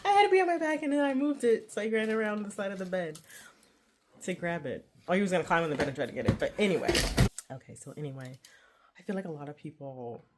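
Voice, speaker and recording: A woman's voice: fairly low pitch, animated, quick pace, noisy background. A woman in her forties chatting casually in a home vlog, rambling and laughing often. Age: 40s. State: out of breath. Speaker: vlogger.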